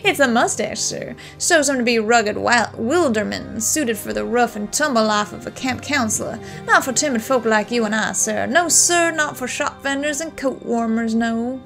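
A woman voicing a fawning male costume shop vendor who calls everyone sir in an odd, drawn-out put-on accent. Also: a little high, gravelly, a bit bright, faint music behind. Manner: obsequious, ends lines with "sir", odd accent.

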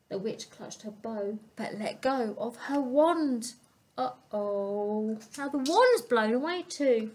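A woman storyteller reading a picture book aloud to young children, expressive and asking them questions. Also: a little high. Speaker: family centre storyteller.

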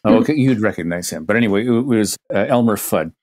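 A man with a fairly low voice talks through an idea on a podcast. He builds long hypothetical examples and often restarts his phrases as he thinks aloud. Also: animated, fast talker, darkish tone. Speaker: guest expert. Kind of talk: conversational podcast explanation.

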